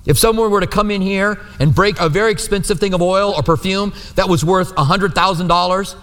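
This male pastor speaks in a high, fairly bright voice, moving fairly quickly with few pauses. He gives a conversational teaching sermon in church and keeps asking listeners to agree, all captured with long hall reverb.

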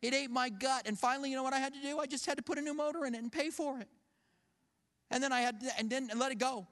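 This pastor is a very high-pitched, fast-talking man whose voice echoes with the long reverb of a big hall. In a conversational sermon, he animatedly recounts personal stories and performs the quoted voices.

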